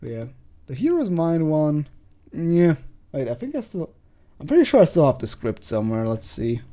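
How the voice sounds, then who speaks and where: A man's voice: fairly high pitch, wildly swooping pitch, moderate pace, mellow. A man hosting a let's play, chatting casually and rambling a little. He makes fun of himself, and his voice is slightly throaty. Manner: chatty, rambling, self-deprecating. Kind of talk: casual gameplay commentary.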